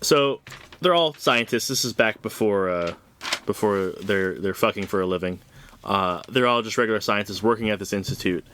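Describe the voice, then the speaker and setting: A man's voice: lowish voice, a bit bright. A man co-hosting a podcast, discussing a comic book in casual chat, blunt and profane with a dry, sarcastic edge. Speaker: podcast co-host.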